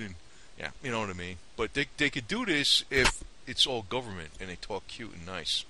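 Rambling, indignant man with a sharp voice. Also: on the low side, big pitch swings, normal speed, slight background noise. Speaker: vlogger. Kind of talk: casual opinion rant to camera.

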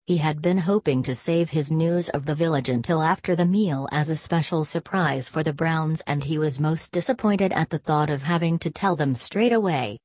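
A woman narrating a children's storybook as an audiobook, measured and gently expressive. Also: low voice, dry recording.

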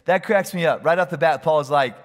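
A middle-aged pastor preaches in a conversational, storytelling way, with jokes along the way. His voice sits a bit high for a man. The sound rings out with a long reverb from the church hall. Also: brisk. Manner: storytelling, conversational, humorous asides. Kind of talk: sermon.

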